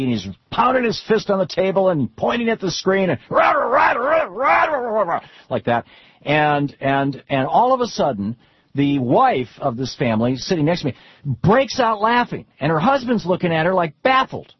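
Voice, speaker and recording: A man's voice: a little high, sing-song, moderate pace, slightly rough, no echo. A middle-aged man talking politics off the cuff, rambling with frequent restarts and repeated words as he tells stories to make his point. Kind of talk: unscripted political talk with anecdotes. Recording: dull lo-fi recording.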